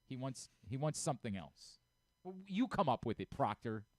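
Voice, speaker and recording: A middle-aged man hosting a sports radio show, ranting about football with rapid swings between low muttering and shouted outbursts. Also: sing-song, dry recording. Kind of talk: opinionated sports talk. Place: radio studio.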